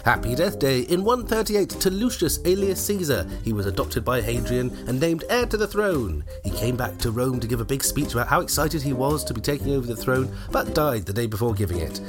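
A man's voice: mid-range voice, big pitch swings, a little fast, few pauses, over music. A man co-hosting a comedy podcast, reading out dates in a dry, wry way and laughing often. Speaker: podcast co-host. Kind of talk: comic scripted chat.

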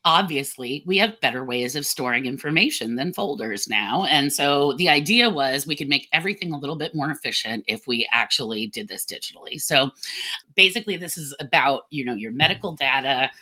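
Low-voiced bright woman co-host. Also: animated, brisk. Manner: explanatory, with fillers. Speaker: podcast co-host. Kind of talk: casual podcast chat.

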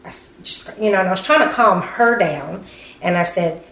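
Speaking at a moderate pace, a woman with a lowish, gravelly, fairly bright voice gives a personal account of her relative's death, plainly laying out events and voicing the dialogue. The interview takes place on location in the family's home, where the room echoes and faint noise can be heard.

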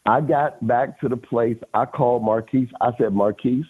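A man in his fifties, a podcast guest, telling stories in a casual, animated way, often laughing and repeating phrases. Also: medium pitch, normal speed, breathy edge. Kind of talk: casual storytelling. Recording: phone-like lo-fi audio.

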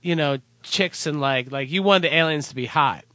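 A man's voice: on the high side, moderate pace, sharp tone, dry recording. A man co-hosting a comedy podcast, teasing his friend and laughing often, a little stuffy from a cold. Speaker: podcast co-host. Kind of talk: casual comedic chat.

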